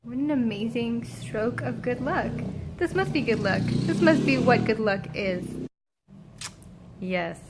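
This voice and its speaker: A woman vlogger recounts a travel ordeal in a casual, animated way and acts out the people she met. Her voice sits high. Loud vehicle noise rumbles behind her. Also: a little slow. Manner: animated, dramatic, quotes people. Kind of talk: casual storytelling.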